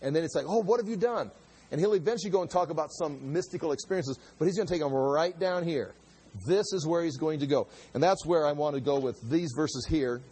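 A man's voice: on the high side, fast, mellow, slightly rough, poor audio. A middle-aged man, a pastor, preaching a sermon in a conversational way, with asides and rhetorical questions.

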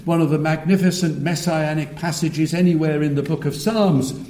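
A man preaching a sermon, measured and emphatic, with frequent restarts. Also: on the high side, fairly even intonation, dark tone, roomy sound.

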